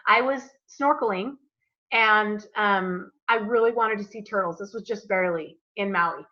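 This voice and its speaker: A woman's voice: mid-range voice, moderate pace, sharp tone, highs cut off. A woman coach leading a live group coaching call, talking in an upbeat, chatty, eager way.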